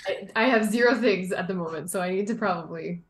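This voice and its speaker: Halting woman player, echoey room. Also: mid-range voice. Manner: halting, restarts often. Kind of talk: casual tabletop game talk. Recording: roomy echo.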